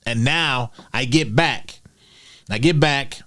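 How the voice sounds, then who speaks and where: A man's voice: mid-range voice, slow, a bit bright. A man vlogging, telling a personal story in a chatty way and calling his viewers "guys". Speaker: finance vlogger.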